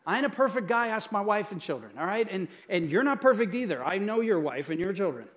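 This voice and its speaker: A man's voice: sits high, very animated, quick pace, fairly bright tone. A middle-aged male pastor preaching from a church stage, telling stories about his own mistakes in a chatty, self-deprecating way with frequent asides to the congregation. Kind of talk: sermon.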